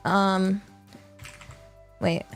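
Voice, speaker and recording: A woman's voice: medium pitch, little pitch movement, extremely slow, soft background music. A young woman with a British accent chatting casually on a livestream, rambling with lots of filler words and laughter. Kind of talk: casual stream chat.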